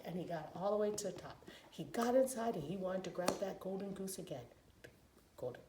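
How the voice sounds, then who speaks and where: Animated woman telling a preschool story. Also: medium pitch, normal speed, slight background noise. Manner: expressive, sing-song, playful. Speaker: children's storyteller. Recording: roomy echoey room, faint ambience.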